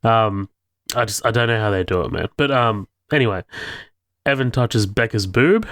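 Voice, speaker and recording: A man's voice: fairly low pitch, moderate pace, fairly bright tone, no echo, clean studio sound. A man co-hosting a casual movie podcast, recapping scenes with enthusiasm, swearing and laughing. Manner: enthusiastic, profane, laughs a lot, recaps the plot. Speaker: podcast co-host.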